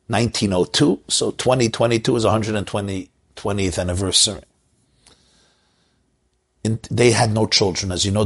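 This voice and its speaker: A man's voice: low voice, a bit bright, breathy edge. A man, a rabbi from Crown Heights, telling an emotional story in a sermon and mixing in Yiddish and Hebrew words. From Crown Heights, Brooklyn.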